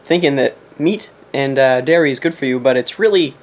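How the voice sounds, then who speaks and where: A young man vlogging from his apartment, joking in a deliberately ridiculous put-on accent and sermonizing in mock-serious fashion. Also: medium pitch. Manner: jokey, mock-preachy, laughs at himself. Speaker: competitive game player vlogging. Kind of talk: casual comedic monologue.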